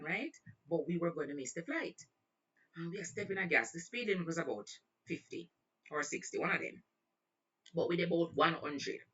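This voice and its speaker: Animated Jamaican woman telling a story. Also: deep voice, breathy edge. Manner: animated, mixes patois with standard speech. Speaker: host. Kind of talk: casual storytelling. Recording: distant, dull lo-fi sound.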